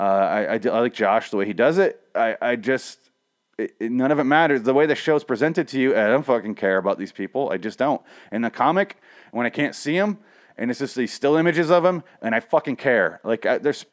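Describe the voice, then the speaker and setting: A man's voice: medium pitch, animated, a little fast. A man giving a casual solo review, rambling and profane, with frequent restarts. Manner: swings from ranting to mumbling self-deprecation. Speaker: comic and TV reviewer.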